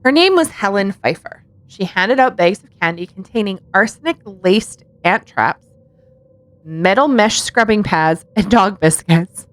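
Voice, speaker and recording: A woman's voice: mid-range voice, lively intonation, a little slow, no echo. A woman co-hosting a casual podcast, telling true-crime stories with sarcastic asides and frequent giggles. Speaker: podcast co-host.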